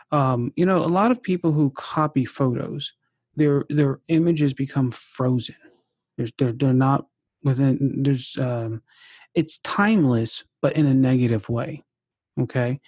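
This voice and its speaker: Low-voiced chatty woman host. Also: darkish tone, no echo. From United States. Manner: chatty, laughs often, many fillers and restarts. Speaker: podcast host. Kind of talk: casual interview chat.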